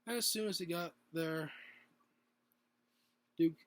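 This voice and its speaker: A man's voice: fairly high pitch, slow, no echo. A man reading his own story aloud at home, unpolished, with restarts and little asides.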